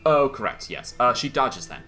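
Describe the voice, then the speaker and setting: A man's voice: medium pitch, big pitch swings, moderate pace, sharp tone, a little hiss or hum. A man narrating as game master, rambling and interrupting himself as he rules on the action.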